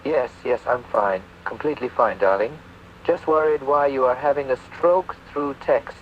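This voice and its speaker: A man's voice: mid-range voice, normal speed, slight background noise. An AI voicing a theatrical British rock-star man. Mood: defensive. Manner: calls everyone darling, theatrical and fussy. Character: AI chatbot imitating a flamboyant male rock singer. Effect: AI voice from a phone app. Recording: dull lo-fi phone speaker playback.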